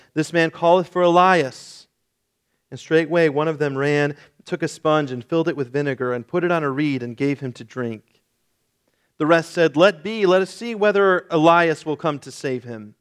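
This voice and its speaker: A male pastor reading a long scripture passage aloud during a sermon, in a solemn, measured way. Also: medium pitch, smooth.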